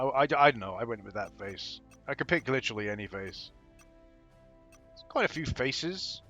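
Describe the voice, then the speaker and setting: A man's voice: medium pitch, bright, forceful tone. A man giving casual, profane and sarcastic commentary while playing a video game, with frequent laughing asides. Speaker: gameplay commentator. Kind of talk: casual let's-play commentary.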